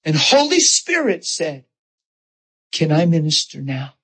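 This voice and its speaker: A middle-aged man preaching a sermon, telling personal stories with emotion and animated quoted voices. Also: fairly high pitch, measured pace, slightly rough, rough recording.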